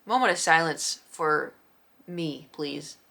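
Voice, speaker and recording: Bright-voiced woman telling a rambling story. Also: low voice, takes it slowly, vocal fry. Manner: rambling, self-deprecating storytelling. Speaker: vlogger. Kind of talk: casual storytime vlog.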